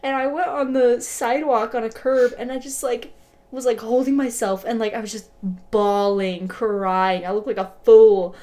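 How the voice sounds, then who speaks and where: Young woman, pretty high voice, animated casual podcast storytelling, lots of "like". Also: moderate pace. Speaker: podcast co-host. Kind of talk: casual chat.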